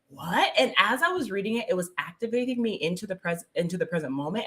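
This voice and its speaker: A woman's voice: a little high, fairly bright tone. A woman spiritual coach chatting casually on a live stream, laughing often, full of "like" and "um", and greeting viewers by name. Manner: filler-heavy with "like" and "um". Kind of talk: casual livestream chat.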